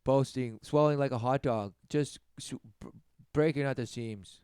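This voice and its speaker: A man delivering a mocking sermon rant, often mimicking others in high, sarcastic voices. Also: moderate pace, a little mellow, smooth, no echo, studio quality. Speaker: preacher.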